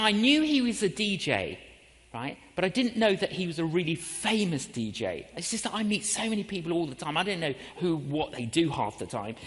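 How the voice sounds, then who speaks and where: A man preaching a storytelling sermon, animated, acting out the voices and inner prayers in his story. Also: high-pitched, long reverb tail. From England.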